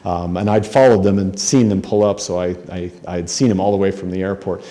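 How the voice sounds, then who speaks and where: Middle-aged male author, low mellow voice, conversational storyteller at a podium. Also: steady tone, a little fast. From Spokane, Washington, USA. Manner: self-deprecating, conversational, frequent ums and restarts. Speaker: author giving a talk. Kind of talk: anecdotal storytelling speech. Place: hotel conference room.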